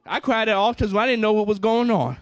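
Fervent high-voiced pastor preaching. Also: male voice, fast, no echo, clean studio sound. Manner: fervent, repeats phrases, call-and-response. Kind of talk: sermon.

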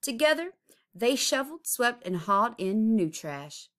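A woman's voice: fairly high pitch, sing-song, a little slow, a bit bright. A woman, an art teacher, reading a picture book aloud expressively, chanting its rhyming refrains. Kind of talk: storybook read-aloud.

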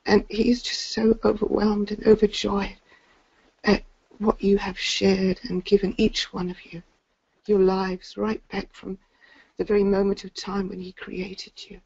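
Female caller, gravelly voice, muffled lo-fi call audio, gushing and halting. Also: mid-range voice, level tone, a little mellow. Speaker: webinar caller. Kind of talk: emotional testimony on a call. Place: in bed at home.

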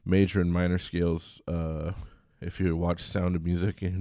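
Man, very low voice, gravelly, mellow tone, casual college lecture. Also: normal speed, hardly any pauses, no echo, clean studio sound. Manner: relaxed and chatty, sings examples. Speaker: college music instructor. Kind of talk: recorded lecture.

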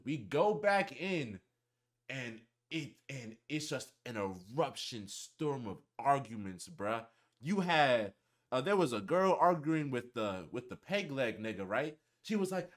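A young man telling a casual storytime on his channel, animated and heavy on profanity and slang. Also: mid-range voice, normal speed. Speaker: vlogger.

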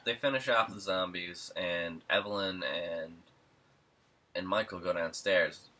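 A man's voice: low voice, measured pace, sharp tone. A man co-hosting a podcast who recaps a film's plot in a casual, rambling way, with many "like"s and "um"s. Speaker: podcast co-host. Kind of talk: casual film recap chat.

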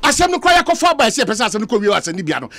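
A man's voice: sits high, very animated, racing, pushed and bright, dry recording. A Ghanaian man hosting a radio talk show, arguing with passion and switching between Twi and English. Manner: impassioned, ranting, mixing Twi and English. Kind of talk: heated talk radio debate.

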